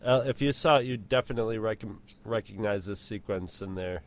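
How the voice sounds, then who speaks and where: A man co-hosting a podcast in casual chat, halting and rambling as he talks. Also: on the low side. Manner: halting and rambling, full of fillers and restarts. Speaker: podcast co-host.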